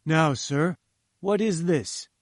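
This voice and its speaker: A man's voice: a little high, slow, dry recording, studio quality, pitched above the performer's own voice. A man voicing a pompous, patronizing older professor who lectures condescendingly in an audiobook reading. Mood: lecturing.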